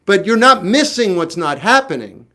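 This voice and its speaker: A man's voice: high voice, very animated, normal speed, bright, forceful tone. A man in his forties from South Florida, casually chatting and answering viewers' questions on a music livestream, wry and laid-back.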